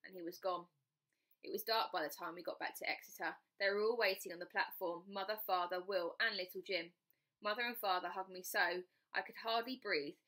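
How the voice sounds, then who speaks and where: A woman's voice: medium pitch, sharp tone. A woman reading a children's storybook aloud, narrating in the first person with expression. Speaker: storybook reader.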